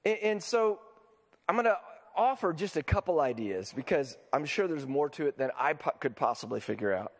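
Expressive and speaking at normal speed, a man with a slightly high voice gives a sermon in a large hall, keeping it casual and checking in with the congregation by posing questions.

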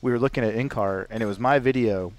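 A man's voice: fairly low pitch, fast. A man hosting a casual interview, telling stories animatedly and filling his talk with "like". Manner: animated storyteller, acts out quotes, frequent "like". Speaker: host. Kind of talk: casual chat.

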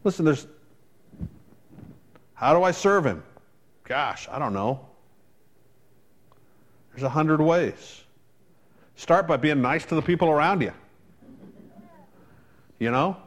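A man's voice: a little high, expressive, takes it slowly, long pauses. A man preaching a sermon as a pastor, telling a personal story in a conversational way with wry asides.

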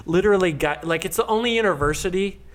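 A man's voice: sits high, fast talker. A man telling stories in casual podcast chat, swearing freely and acting out the voices of people he quotes.

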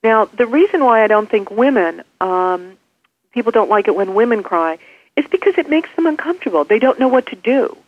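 A woman's voice: fairly high pitch, expressive, a little fast, no room sound. Woman advising over a tinny phone line. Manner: practical, gives numbered step-by-step advice. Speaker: author and guest expert. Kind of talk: interview on a call-in line. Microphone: telephone.

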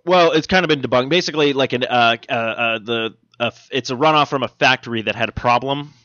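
A man's voice: medium pitch, brisk, fairly bright tone. A man chatting casually on a podcast, trailing off into ums and restarts as he jokes his way through odd news stories. The sound is dull and dry, like a plain home setup with no room echo. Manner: rambling, jokey, many fillers and restarts. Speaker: podcast co-host.

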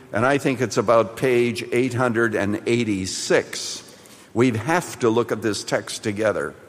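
Slow, deliberate male preacher in a hall. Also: mid-range voice. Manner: measured preaching with emphatic repeated phrases. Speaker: pastor. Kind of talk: sermon. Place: church sanctuary.

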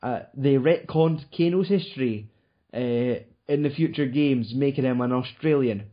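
On a dull lo-fi recording, a male podcast host chats casually, rambling with plenty of fillers and lots of swearing. His voice is medium-pitched at a moderate pace.

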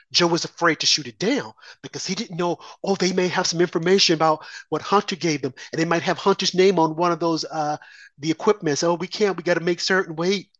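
A man's voice: high-pitched, fairly bright tone, no echo. A man giving an indignant, scoffing political monologue, mocking opponents by mimicking them. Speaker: political commentator.

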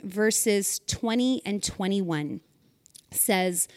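A woman gives a sermon-style devotional talk to women. She is folksy and chatty, teasing her listeners with emphatic asides. Her voice sits fairly high and her pace is slow and unhurried. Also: lively intonation, dry recording, clean studio sound.

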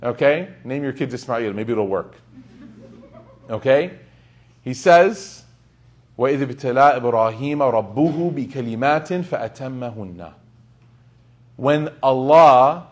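Husky young man teaching a class. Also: a little high, darkish tone. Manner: joking, asks the class questions. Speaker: Islamic teacher. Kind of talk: casual classroom lecture. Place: classroom with students.

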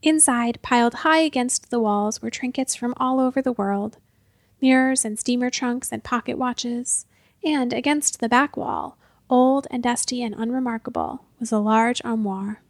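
Storybook narrator, woman, fairly high voice, expressive and measured, dry close sound. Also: no echo.

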